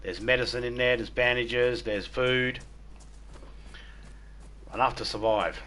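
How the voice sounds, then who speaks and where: A man's voice: mid-range voice, steady tone, unhurried, bright, forceful tone, a little hiss or hum. An Australian man chatting casually while streaming a game, crude and swearing heavily as he tells stories. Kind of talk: casual chat while gaming.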